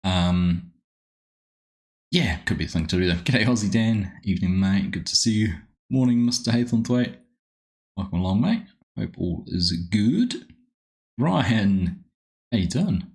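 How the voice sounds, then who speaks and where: A man's voice: fairly low pitch, lively intonation, a little slow, pauses often, a little mellow. A man with a New Zealand accent hosting a live game stream, chatting casually and greeting viewers by name.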